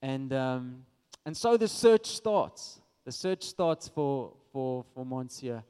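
A man's voice: medium pitch, lively intonation, slow pace, dark tone, clear, resonant tone, big-room sound. A South African man preaching a sermon, telling a personal story in a casual way with many fillers.

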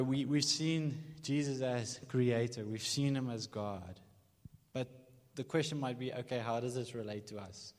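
Male preacher, earnest and emphatic sermon delivery, mid-pitched voice, long hall reverb. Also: a little mellow. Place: church during a morning service.

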